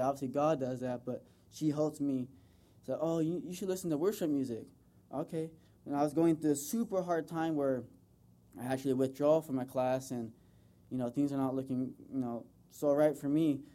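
A man's voice: a little high, dark tone. A young man from the United States giving an earnest, rambling tribute to his mother in front of a group, with lots of fillers. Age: young adult. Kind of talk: informal public speech.

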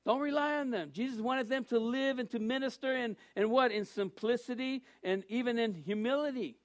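A man preaching a sermon as a pastor, animated, acting out the people he quotes in shifting voices. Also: sits high, no echo. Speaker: assistant pastor.

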